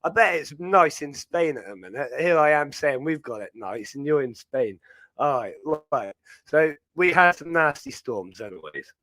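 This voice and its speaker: Young British male host, casual rambling chat, slightly high voice, dry close sound. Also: big pitch swings, normal speed, bright, forceful tone, dry recording. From Britain. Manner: rambling, chatty, many fillers. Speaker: livestream host.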